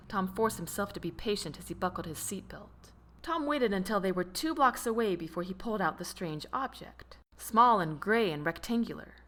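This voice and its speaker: A woman narrating an audiobook in a slow, expressive storytelling manner. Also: medium pitch. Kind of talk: scripted narration.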